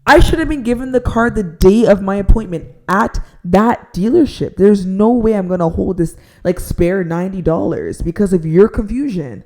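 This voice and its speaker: A young adult woman telling a frustrated storytime rant, filling her talk with "like" and dropping to a near-whisper so she won't shout. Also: mid-range voice, expressive, moderate pace, few pauses. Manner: exasperated, heavy use of "like", drops to a near-whisper to avoid shouting. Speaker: storytime vlogger.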